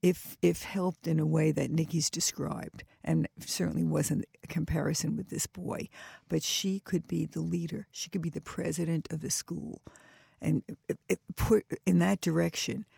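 An older woman with a New York accent, a guest telling animated stories on a radio talk show. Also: sits low, moderate pace, creaky, husky, dry recording, clean studio sound. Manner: animated storyteller, laughs often, restarts. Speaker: guest, educator and author.

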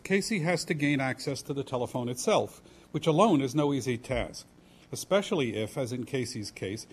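A man giving an academic lecture in a measured, analytical way with formal wording. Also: mid-range voice, slightly rough.

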